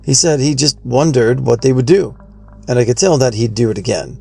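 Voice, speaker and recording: Man, gravelly voice, steady story narration, faint music underneath. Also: mid-range voice, a little fast. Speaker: narrator reading forum posts. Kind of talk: scripted narration.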